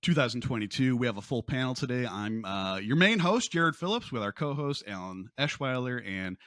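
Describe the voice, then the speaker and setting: A man hosting a casual podcast who talks in a lively, joking way with frequent restarts. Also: medium pitch, a little fast, no echo, studio quality. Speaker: podcast host.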